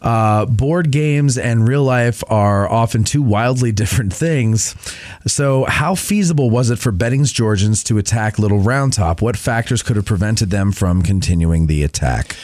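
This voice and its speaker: A man's voice: lowish voice, normal speed, darkish tone, no echo. A man hosting a live show, reading viewer questions aloud and now and then stumbling and correcting himself. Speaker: host.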